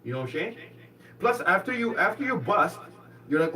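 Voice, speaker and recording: A man doing a live stand-up comedy set on a club stage, rambling and halting, then rising to excited shouts in his stories. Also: high voice, distant mic, low-quality recording.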